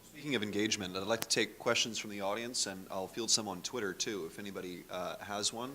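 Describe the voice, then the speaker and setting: A man's voice: on the low side, steady tone, fast, pushed and bright, a little hiss or hum. A man moderating a panel discussion, stammering a little as he poses questions and invites the audience in. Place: conference room.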